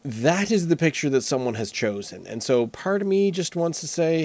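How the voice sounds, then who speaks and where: A man's voice: on the high side, sing-song, normal speed, hardly any pauses, darkish tone, dry recording. Man, casual solo beer talk, rambling restarts, jokey, dry close sound. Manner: rambling, self-correcting, jokey. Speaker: beer reviewer.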